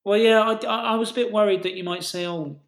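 A man's voice: sits high, fairly even intonation, fast, reverberant. A man co-hosting a casual music podcast, talking enthusiastically and rambling with restarts and the odd swear. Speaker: podcast co-host.

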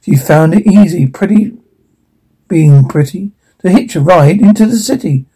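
Slow, husky man reading a rhyming tale. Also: high voice, low-quality recording. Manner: playful, expressive. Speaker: storyteller.

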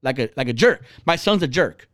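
A man's voice: mid-range voice, a little fast, dry recording, studio quality. A man hosting a podcast, telling personal stories in a blunt, profane, heated way. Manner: animated and heated. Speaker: podcast host. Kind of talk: casual chat.

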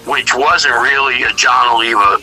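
A middle-aged male musician talking casually in an interview, animated and blunt, acting out what others said. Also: medium pitch, normal speed, soft background music, poor audio. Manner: animated storyteller, acts out quotes, swears freely. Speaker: musician guest.

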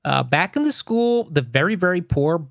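Wry, animated man co-hosting a podcast. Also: on the high side, normal speed, vocal fry, dry recording, studio quality. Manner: wry, joking storyteller. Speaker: podcast co-host. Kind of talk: casual podcast chat.

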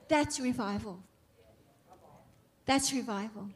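A woman preaching a sermon with fervent delivery, slowing and softening on key phrases, then building to emphatic exclamations. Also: sits high, noisy background.

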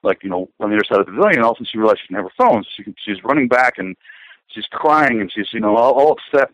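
A man's voice: on the low side, animated, very fast, a bit bright, dry recording. Middle-aged guy rambling in a chat, lots of ums, dry dull lo-fi sound. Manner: rambling, hesitant with many fillers and restarts. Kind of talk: casual conversation.

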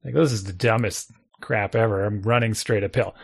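Gravelly man telling a lively anecdote. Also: on the low side, normal speed. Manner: animated, acts out his own thoughts, chuckles often. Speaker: storyteller guest.

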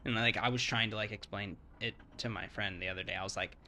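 Give me a chatty man with a bright, forceful voice who rambles with many fillers. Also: lowish voice, fairly even intonation, quick pace, a little hiss or hum. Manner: acts out word sounds to demonstrate. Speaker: English-speaking foreigner explaining Thai sounds. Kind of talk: casual chat.

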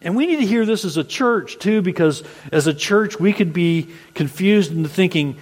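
A man's voice: sits high, animated, moderate pace. A male pastor preaching a Sunday sermon in an earnest, repetitive preaching cadence. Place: church sanctuary. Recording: long hall reverb.

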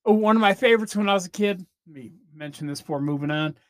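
A man's voice: high voice, quick pace, dry recording, clean studio sound. A man in his fifties from Northern Illinois, hosting a podcast in a casual, meandering monologue with easy swearing. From Northern Illinois, USA. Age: 50s. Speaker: podcast host.

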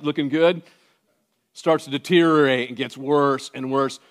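A man preaching a sermon to his congregation. He moves between hushed, intimate passages and loud, emphatic ones, with conversational joking asides. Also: a little high. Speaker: pastor.

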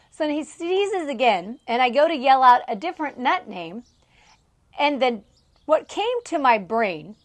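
Chatty, giggly woman podcast host. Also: sits high. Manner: animated, laughs often, rambling. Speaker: entrepreneur and mom. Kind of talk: casual storytelling monologue. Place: outdoors on a farm.

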